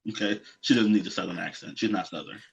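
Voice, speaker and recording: A man's voice: sits low, steady tone, fast talker, gravelly. A man co-hosting a drag show, talking casually and emphatically, sometimes giving little history lessons. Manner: emphatic, lecturing asides, laughs along. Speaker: podcast co-host. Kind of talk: casual chat. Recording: dull lo-fi audio.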